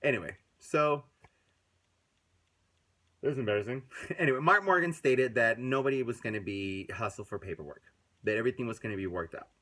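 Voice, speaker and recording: Man, angry casual commentary, lots of swearing, swings between loud and quiet. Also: medium pitch, lively intonation, fairly quick, pauses often. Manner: profane, ranting, swings loud and soft. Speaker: video commentator.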